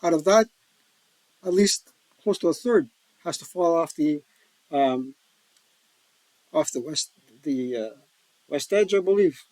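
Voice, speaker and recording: A man's voice: fairly high pitch, measured pace, long pauses, darkish tone, no echo, rough recording. A man casually talking through a solo board wargame, joking and rambling with folksy asides. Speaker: board wargame player and host. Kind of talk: casual solo-play commentary.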